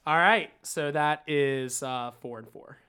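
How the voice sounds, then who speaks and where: A man's voice: on the high side, slow, pushed and bright, clean tone. A man hosting a quiz on a podcast, teasing the others and laughing often. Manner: laughs a lot while teasing. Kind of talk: casual podcast quiz banter.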